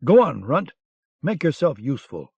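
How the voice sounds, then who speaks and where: A man's voice: on the high side, big pitch swings, moderate pace, vocal fry, a little mellow, slightly rough, no room sound, full character voice. A man voicing a sullen, hot-headed young German soldier who snarls orders, on a dull lo-fi cassette audiobook recording. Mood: snarling. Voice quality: snarling, raised voice.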